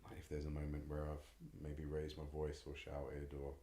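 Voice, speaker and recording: English dad, co-host, slow reflective chat, very low voice, echoey. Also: male voice, monotone, mellow. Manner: reflective, hesitant with many ums. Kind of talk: casual chat.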